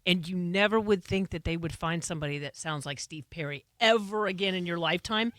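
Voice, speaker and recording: A woman co-hosting a casual show in a studio, exclamatory and quick to laugh. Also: lowish voice, a bit bright, dry recording. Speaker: co-host. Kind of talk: casual radio-show chat. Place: broadcast studio.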